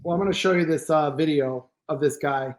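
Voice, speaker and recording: A man from Pennsylvania, a guest posture therapist, telling animated, joking anecdotes in a podcast interview and acting out both sides of the conversation. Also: a little high, fairly quick.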